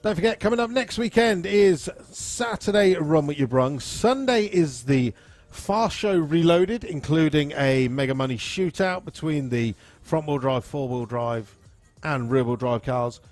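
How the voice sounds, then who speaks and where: An easygoing man in his forties chats his way through a live stream, rambling between stories and viewer shout-outs. Faint music plays softly behind him. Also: on the high side, a little slow, no echo. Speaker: live-stream host at a drag racing venue. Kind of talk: casual live-stream chat reading viewer comments.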